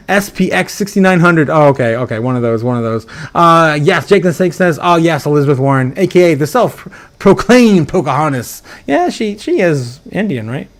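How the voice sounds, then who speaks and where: A man's voice: fairly high pitch, normal speed. A man hosting a casual livestream, reading out chat donations, laughing often and rambling with lots of fillers. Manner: giggly and excitable, laughing often between lines; rambling with frequent fillers and repeats. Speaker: livestream host.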